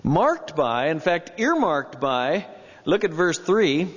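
A male pastor preaching slowly, his voice rising and falling widely as he leans on key words. The sound is dull and carries a long echo, as in a large church. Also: a little high, very animated, slightly rough. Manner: emphatic preaching with long pauses and rising stresses. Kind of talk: sermon.

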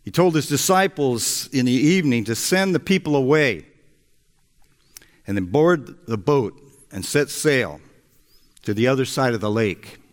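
Male preacher, sermon, slow lively storytelling, echoey hall. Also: mid-range voice.

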